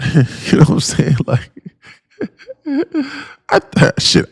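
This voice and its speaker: A man's voice: extremely high pitch, huge pitch swings, drawn-out words, gravelly, no room sound. A man streaming live as a day trading mentor, talking in a rambling, profane, casual way with lots of fillers. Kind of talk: casual livestream chat.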